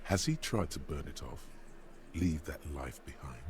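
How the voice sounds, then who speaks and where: An actor voicing a detective's inner voice as a game narrator, measured, solemn and coolly observant. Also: male voice, a bass voice, lively intonation, a little mellow, slight background noise, exaggerated voice. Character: grave inner voice of a detective's mind.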